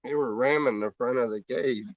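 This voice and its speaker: A man with a drawl talks casually about his homestead in a vlog. His voice sits in a middling register and is a bit dull and muffled. The room is dry, with no echo. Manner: talks to his piglets in a high coaxing voice. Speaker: homesteader vlogger.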